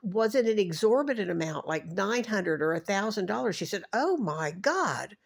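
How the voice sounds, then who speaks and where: A woman's voice: medium pitch, fairly quick, gravelly. A woman in her sixties telling a rambling personal recollection, wandering through names and details and restarting her sentences as she goes.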